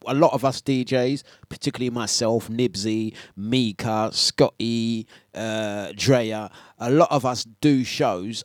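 A man's voice: medium pitch, no echo. A man hosting a radio breakfast show from his home studio, telling a story in a chatty way and laughing often. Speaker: radio DJ host. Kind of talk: casual radio chat.

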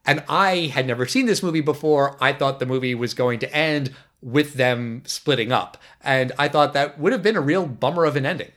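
A man hosting a casual movie podcast, talking in an opinionated, lively way. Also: medium pitch, normal speed, hardly any pauses. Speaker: podcast host.

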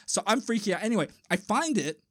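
A man's voice: high-pitched, fast talker, no echo, clean studio sound. A man co-hosting a casual podcast, joking and slipping into put-on voices. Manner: animated, jokey, slips into put-on voices. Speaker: podcast co-host. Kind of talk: casual chat, retelling a dream.

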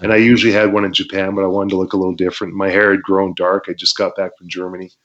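Speaking very fast in a deep, level and fairly bright voice, this Canadian ex-wrestler guest relaxes into casual storytelling, frequently laughing and performing quotes. The interview comes through as dull lo-fi podcast audio.

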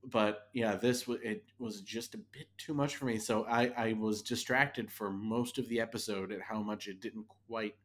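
A man co-hosting a podcast in casual conversation, his voice sitting a little low. He speaks candidly and loosely, restarting his thoughts as he goes. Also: fairly even intonation, normal speed, few pauses. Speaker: podcast co-host. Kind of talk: casual chat reviewing a show.

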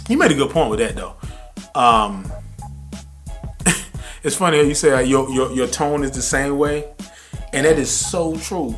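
A man hosting a podcast in casual chat, animated and slangy, laughing often and mimicking people. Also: fairly high pitch. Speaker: podcast host.

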